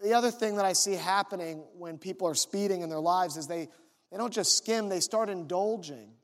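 Male pastor, conversational storyteller, higher voice, reverberant sanctuary. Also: fairly quick. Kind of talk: sermon.

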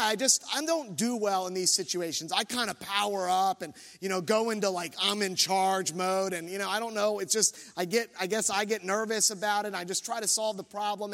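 High-voiced male pastor in a reverberant hall. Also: fairly bright tone. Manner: self-deprecating storytelling, many restarts. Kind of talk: sermon with personal story.

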